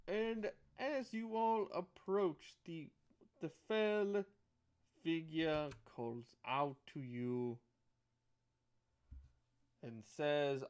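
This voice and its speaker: A man narrating a tabletop game as game master, halting and restarting phrases as he goes. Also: fairly high pitch, darkish tone, clear, resonant tone.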